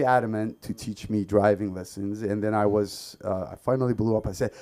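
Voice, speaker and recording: Middle eastern guy at an open mic, doing stand-up, lots of ums, then yells stuff. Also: lowish voice, fairly even intonation, fairly quick, hardly any pauses. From Middle East. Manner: loud shouted impressions, frequent ums. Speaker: stand-up comedian. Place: comedy club stage.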